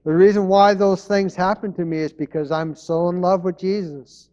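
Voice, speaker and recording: A man's voice: high-pitched, fairly even intonation, moderate pace, a little mellow, highs cut off. A man preaching a sermon as pastor, in an earnest manner, repeating his key phrases.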